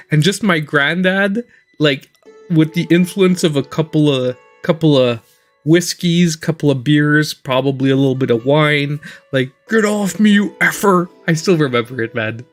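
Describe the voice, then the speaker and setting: A man hosting a casual gaming livestream, telling stories in an animated way as he plays. His voice sits a little high and he laughs often. Faint game music plays behind him. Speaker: gaming channel host.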